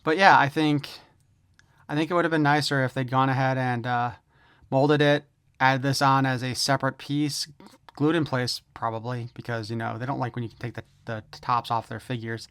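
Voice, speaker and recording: A man's voice: medium pitch, little pitch movement, moderate pace, a bit bright, clear, resonant tone, no room sound, studio quality. A man giving a casual unboxing review of a toy, opinionated and wry, with jokes thrown in.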